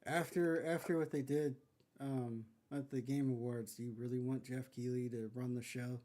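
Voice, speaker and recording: A man hosting a casual podcast, talking in a halting way with lots of pauses and restarts. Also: medium pitch, steady tone, mellow. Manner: halting, many fillers and restarts. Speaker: podcast host.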